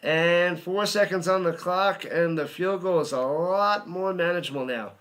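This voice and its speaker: A man hosting a live watch party, giving excitable play-by-play commentary and chatting with viewers. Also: high voice, measured pace. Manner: excitable, chatty, hums and sings to himself.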